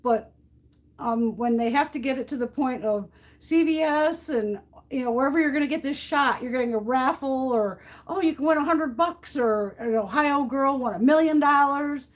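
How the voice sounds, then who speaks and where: High-voiced woman ranting with blunt swearing. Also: normal speed. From United States. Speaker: beauty livestream host. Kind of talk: casual chat while depotting makeup.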